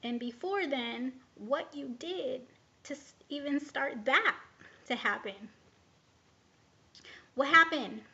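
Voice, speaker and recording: A woman's voice: sits high, slow, pauses often, sharp tone, dull audio. A woman telling a personal story in a casual vlog, rambling and candid with many hesitations. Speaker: vlogger.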